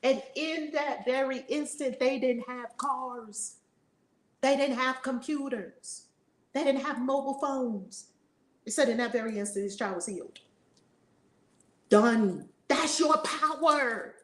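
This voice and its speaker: Woman, high voice, fiery preaching, blunt, emphatic, swearing, repeating lines, echoey room. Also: takes it slowly. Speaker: spiritual teacher and reverend. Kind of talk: fiery preaching-style teaching.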